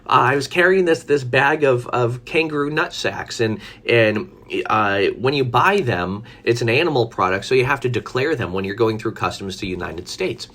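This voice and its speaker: A man telling a rambling story to his live-stream viewers. He talks casually, with plenty of fillers and restarts, and often breaks into laughter. His voice bounces up and down with lively melody at a middle pitch. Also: moderate pace, few pauses. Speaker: vlogger.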